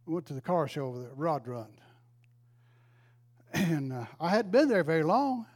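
A man's voice: a little high, a little mellow. Folksy older preacher man. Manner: folksy, emotional, exclaims praise. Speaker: retired pastor. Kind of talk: storytelling sermon.

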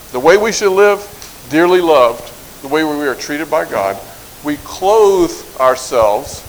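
A man teaching a Bible verse to a live group, light-hearted and joking, drawing out lists slowly as he recites. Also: a little high, slight background noise, poor audio. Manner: light-hearted, jokes and chuckles; slow, drawn-out recitation of lists. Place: in front of a group in a room.

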